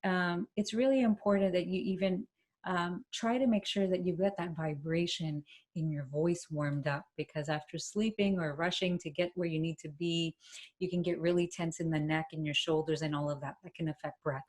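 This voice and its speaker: A woman presenting a workshop, demonstrating a vocal warm-up with hums and chants and encouraging her listeners. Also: fairly low pitch, fairly even intonation, normal speed. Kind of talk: instructional workshop talk. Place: home, speaking to camera.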